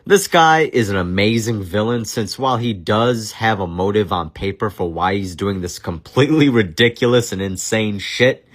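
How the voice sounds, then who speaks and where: Host: a low-voiced man reviewing films, crude and jokey. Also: moderate pace, hardly any pauses. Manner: crude, joking, swears a lot. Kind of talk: casual profane film commentary.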